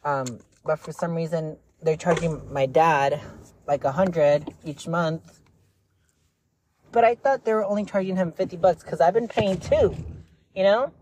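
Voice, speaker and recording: A woman's voice: lowish voice, measured pace, a little mellow, a little hiss or hum. A young woman talking candidly in a personal vlog, rambling and blunt, with lots of filler words and an emotional, confessional manner. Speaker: vlogger.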